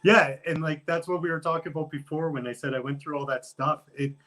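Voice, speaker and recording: Easygoing male podcast guest, slightly high. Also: level tone, brisk, sharp tone. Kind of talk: casual interview chat.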